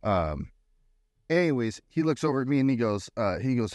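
A man's voice: mid-range voice, animated, normal speed, a little mellow, no echo, clean studio sound. A man in his thirties co-hosting a podcast, telling stories in a laid-back, joking way. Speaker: podcast co-host. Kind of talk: casual chat.

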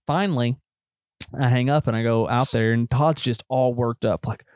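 A man's voice: medium pitch, moderate pace, darkish tone, no echo, studio quality. A man chatting on a podcast, telling rambling jokey stories. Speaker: podcast co-host. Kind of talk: casual chat.

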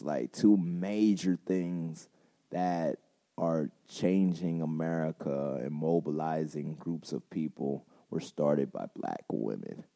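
A man's voice: rumbling low, creaky, dark tone. A young man co-hosting a podcast, talking in a laid-back, slangy way and laughing often. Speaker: podcast co-host and school teacher. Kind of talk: casual podcast chat.

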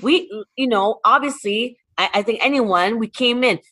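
Animated woman from Toronto, chatty. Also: on the high side, normal speed. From Toronto, Canada. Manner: animated, fillers of "like", acts out quotes. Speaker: charity founder. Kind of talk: casual interview talk.

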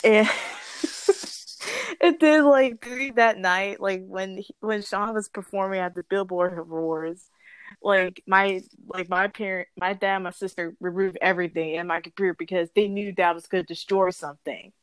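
A woman's voice: mid-range voice, normal speed, clear, resonant tone, dry recording. A young woman telling a story in a bubbly, rambling way, often correcting herself and giggling. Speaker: guest storyteller. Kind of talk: casual storytelling.

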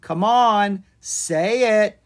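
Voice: mid-range voice, very slow, voice pushed up. A reader voicing a bold, scheming young girl dragon who talks confidently and bossily, in a children's storybook reading. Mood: cocky. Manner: confident, bossy, cheerful.

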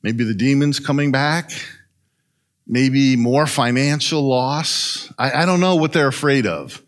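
A man preaching a sermon, retelling a story in an animated way and often asking "right?". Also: medium pitch, a little slow. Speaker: pastor.

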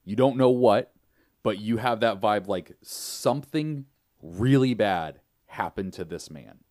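A man narrating as game master in a casual tabletop game, with a relaxed manner, laughing often and filling pauses. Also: on the low side, dry recording, studio quality.

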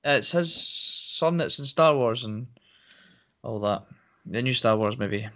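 A man's voice: mid-range voice, expressive, unhurried, a bit bright. A man, co-hosting a casual podcast chat, rambling and searching for names. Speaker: podcast co-host.

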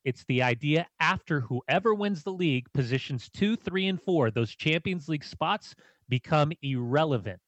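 An American man co-hosting a casual football podcast, relaxed and explanatory. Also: a little high, normal speed, no room sound, muffled recording. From United States. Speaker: podcast co-host.

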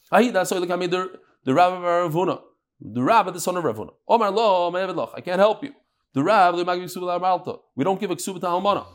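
A man teaching a daily Talmud class, mixing Hebrew and Aramaic terms into lively English explanations. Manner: animated, jumping pitch and pace.

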